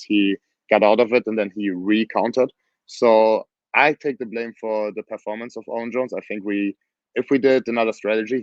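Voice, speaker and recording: Hoarse coach guy, lowish voice, blunt and lively, dull dry video call sound. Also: no echo. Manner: animated, blunt, plain phrasing. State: hoarse from screaming. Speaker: grappling coach. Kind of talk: casual interview talk.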